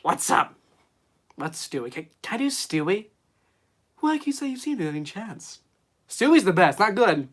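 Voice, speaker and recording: A man's voice: high-pitched, big pitch swings, moderate pace. A man hosting a casual live stream about movies, rambling with many fillers and reading chat questions aloud. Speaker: streamer host.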